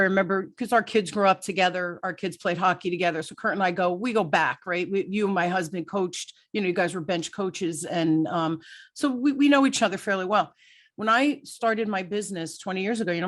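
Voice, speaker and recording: A middle-aged woman hosting an interview, who tells stories in a lively way and often checks in with "right?". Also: mid-range voice. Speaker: podcast host. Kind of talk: conversational interview.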